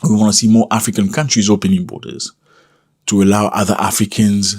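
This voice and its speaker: A man hosting a casual commentary video, talking in an animated, emphatic way and jumping up in pitch to stress his points; English is not his first language. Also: a little fast, breathy edge. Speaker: commentary channel host.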